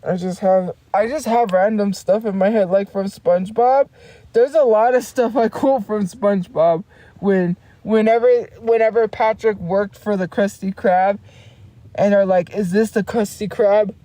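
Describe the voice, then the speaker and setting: A woman chats on her livestream in a slow, meandering way, laughing often and doubling back on her words. Her voice is mellow and soft-edged, captured dry and close with no room around it. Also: mid-range voice, dry recording. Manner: rambling, laughing, trails off and restarts. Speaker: streamer. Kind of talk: casual livestream chat.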